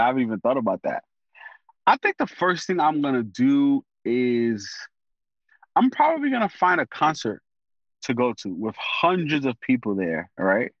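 A man speaking as a guest in a casual conversation, animated and full of slang, often thinking aloud with fillers. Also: mid-range voice, dry recording, highs cut off.

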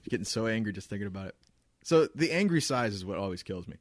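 A man in his thirties co-hosting a podcast, telling an animated, profane story about annoying customers. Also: lowish voice, quick pace, no room sound, studio quality. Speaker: podcast co-host.

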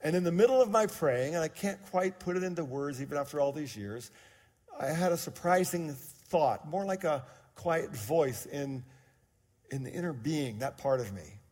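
Pastor preaching, hushed to emphatic. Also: male voice, fairly high pitch, lively intonation, normal speed. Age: 60s. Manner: storytelling, swinging from hushed to emphatic. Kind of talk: sermon.

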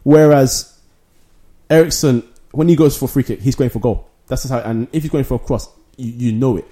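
A man's voice: medium pitch, warm tone. A man, co-hosting a casual football podcast and making emphatic points. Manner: fast, emphatic, laughs often. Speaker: podcast co-host.

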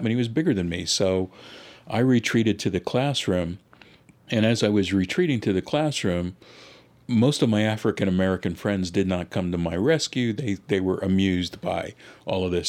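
A man's voice: on the low side, a little mellow. A man being interviewed as a linguist, recounting a childhood story in a reflective, conversational way with many "you know" asides.

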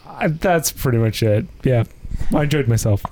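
A man co-hosting a casual movie review podcast, speaking slowly and hesitantly with laughs between thoughts. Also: medium pitch, lively intonation, warm tone. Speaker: podcast co-host.

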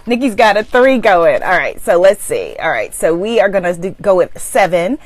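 A woman's voice: fairly low pitch, big pitch swings, moderate pace. A woman hosting a live online class, bubbly and laughing often as she greets viewers by name. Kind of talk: live-streamed casual talk. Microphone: microphone.

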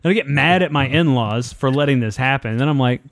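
A man in his thirties tells a story on a casual podcast, swearing freely and getting animated as he goes. His voice sits at an ordinary pitch for a man. The sound is dry and close, with no room around it. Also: quick pace, no echo. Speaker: podcast co-host.

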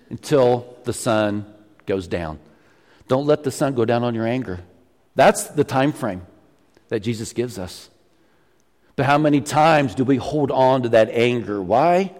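Animated man preaching in a reverberant hall. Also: mid-range voice. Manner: animated, jokes with the congregation. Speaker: pastor. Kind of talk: sermon. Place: church sanctuary.

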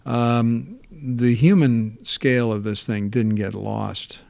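A man recalling past film work in relaxed, rambling storytelling, full of fillers and restarts. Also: mid-range voice, slow, vocal fry, dry recording. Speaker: interview guest.

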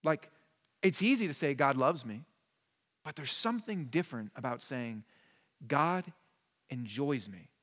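A man in his thirties, a pastor, preaching a casual sermon that swings from hushed asides to emphatic high points. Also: very animated, normal speed. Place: church sanctuary. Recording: long church reverb.

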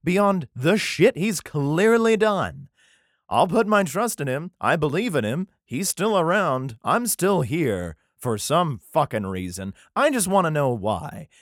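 A man's voice: on the high side, big pitch swings, a little slow, no room sound, clean studio sound, voice pushed up. A man voicing a grieving biblical sufferer who talks in blunt, profane modern slang. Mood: pleading.

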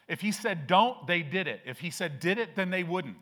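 A man's voice: high voice, expressive, moderate pace, hardly any pauses, a bit bright. Older male pastor, conversational sermon. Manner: conversational storytelling, rising to emphatic declarations. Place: church sanctuary.

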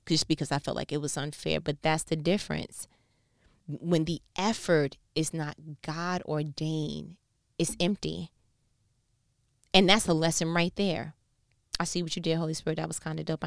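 A woman with a New York accent talks through a Bible passage in a relaxed, slangy way, tossing in playful asides. Her voice sits low and sounds smooth. The sound is dry and close. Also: dry recording. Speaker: Bible teacher. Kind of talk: casual devotional teaching.

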